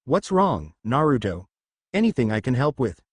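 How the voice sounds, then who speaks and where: A man's voice: medium pitch, sing-song, moderate pace, husky, no room sound. A man reading the lines of a polite, shy adult woman teacher in a fan fiction story, speaking hesitantly.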